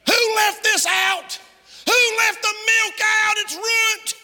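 A preacher shrieking as a nagging wife. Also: male voice, extremely high pitch, steady tone, fast, voice pushed up. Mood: scolding shriek. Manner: shrieking, scolding. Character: shrill nagging wife scolding her husband. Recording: long hall reverb.

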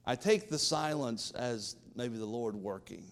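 A man's voice: mid-range voice, animated, measured pace, in a large hall. A man preaching a sermon, folksy and emphatic, with asides to the congregation. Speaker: pastor.

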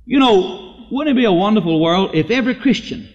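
Man, preacher, fairly high voice, humorous storytelling, church hall reverb. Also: animated, a little fast. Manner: humorous storytelling, rises in pitch for emphasis. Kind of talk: sermon with folksy stories. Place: church sanctuary.

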